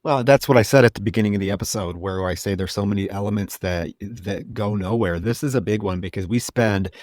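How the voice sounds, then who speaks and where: A man's voice: on the low side, a little fast, a little mellow, no room sound, clean studio sound. A man co-hosting a movie podcast, wryly recapping the plot in casual chat. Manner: wry, recapping plot at length. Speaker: podcast co-host.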